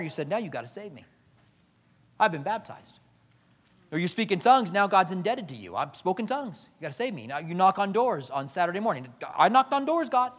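Male pastor, high voice, animated sermon, long reverb. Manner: animated preaching, acting out quoted voices, swings from loud to hushed.

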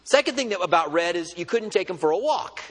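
A man preaching a sermon, telling a funny story with animated delivery. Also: sits high, brisk, long reverb tail. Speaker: pastor. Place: church.

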